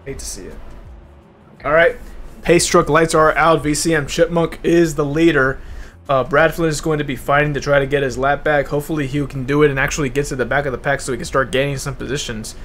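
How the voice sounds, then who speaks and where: A young man giving live commentary on an online racing league while driving in it himself, casual and profane, loud and excited at big moments. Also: fairly high pitch, a little fast, soft background music. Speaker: race commentator and streamer. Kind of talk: live esports race commentary.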